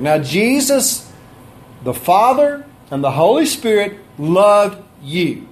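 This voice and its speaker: High-voiced folksy male preacher. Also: sing-song, takes it slowly. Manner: folksy, conversational, with asides to people in the room; pitch rises and drops for emphasis. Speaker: pastor. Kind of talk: sermon.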